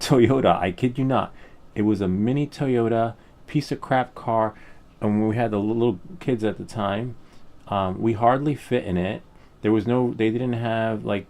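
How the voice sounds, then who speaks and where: A man's voice: sits low, gravelly, a little mellow. A middle-aged man hosting a hobby painting channel, telling a rambling, candid story in a casual way with the odd curse word. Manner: rambling, candid, occasional swearing.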